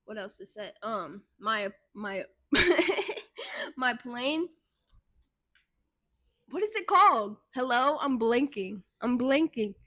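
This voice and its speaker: A young woman telling a casual storytime vlog, animated and swearing freely, talking straight to her viewers. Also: a little high, slow pace, pauses often, no room sound. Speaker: vlogger and intuitive guide.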